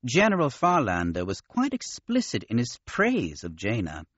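A man voicing a nasal, gentle alien admiral. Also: medium pitch, wildly swooping pitch, moderate pace, breathy edge, no room sound, lo-fi sound, heavily acted. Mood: courteous. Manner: gentle, courteous. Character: polite, modest male alien admiral.

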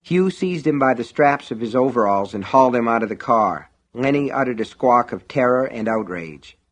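Male audiobook narrator, mid pitch, steady wry storytelling. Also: normal speed.

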